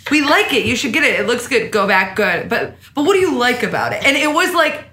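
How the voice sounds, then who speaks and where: A woman's voice: on the high side, big pitch swings, fairly quick, sharp tone, reverberant, a little hiss or hum. A woman co-hosting a podcast in casual chat, telling stories and acting out lines. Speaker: podcast co-host. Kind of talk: casual chat recapping a TV drama.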